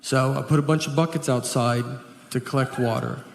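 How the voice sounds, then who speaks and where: A man from Tennessee with a Southern American accent performing a stand-up comedy routine, telling rambling deadpan stories. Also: mid-range voice, normal speed. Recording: noisy live show audio. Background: audience laughter.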